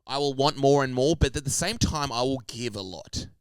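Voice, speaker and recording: A young man co-hosting a podcast in casual chat, animated and playful. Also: medium pitch, moderate pace, smooth, no echo. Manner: animated, playful, tries accents. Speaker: podcast co-host.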